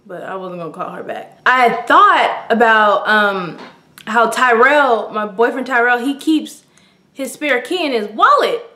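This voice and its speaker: A woman's voice: on the high side, expressive, unhurried, sharp tone, echoey room. A young woman telling a story-time vlog, dramatic and breathless, with "like" all over her speech. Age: young adult. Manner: breathless and dramatic, heavy use of "like". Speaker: vlogger.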